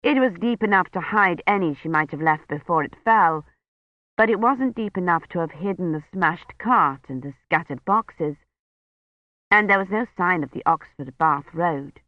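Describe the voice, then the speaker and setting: A man's voice: sits high, lively intonation, dry recording, dull audio. Man narrating an audiobook, dry sound. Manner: measured storytelling delivery. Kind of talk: scripted narration.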